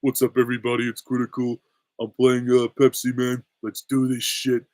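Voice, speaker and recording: A man's voice: mid-range voice, monotone, normal speed, darkish tone, dry recording, natural voice. Brief: laid-back streamer intro, lazy drawl, unbothered, put on by a man. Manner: lazy, couldn't-care-less drawl. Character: laid-back young male gaming video host.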